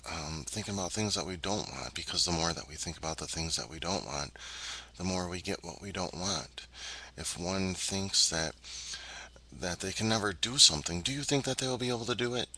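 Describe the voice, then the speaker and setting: Earnest man with a very low, bright voice. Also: poor audio. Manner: earnest, measured, with frequent ums and uhs; emphatic, addresses viewers directly. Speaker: self-help teacher. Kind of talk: spoken self-help lesson.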